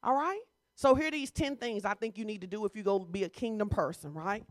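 A woman's voice: mid-range voice, brisk, no room sound. A woman pastor preaching a sermon in a conversational, teasing way.

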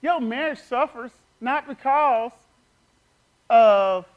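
A man's voice: very high voice, slow pace, dull audio. A man preaching a fervent sermon, telling stories and leading call-and-response with the congregation.

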